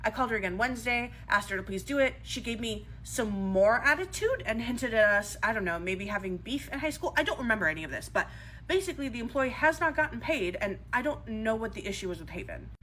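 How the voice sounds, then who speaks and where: A worried young worker who explains her problem hesitantly and earnestly, as a woman acts her out in a comedy skit. Her voice sits fairly high and moves with lively rises and falls. There is a faint room hum behind her. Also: fast. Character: worried young female employee. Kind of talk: comedy skit role-play.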